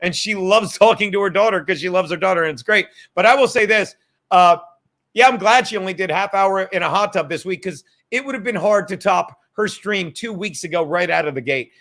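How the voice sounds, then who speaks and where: High bright rambling profane male host. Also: fairly quick. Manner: rambling, profane, laughs a lot, drinking on air. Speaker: podcast host. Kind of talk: casual profane chat.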